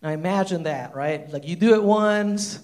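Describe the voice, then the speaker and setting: A man preaching a sermon, retelling a Bible story in animated, casual storytelling with lots of "like". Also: high-pitched, moderate pace. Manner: animated storytelling, many fillers like "like". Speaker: pastor.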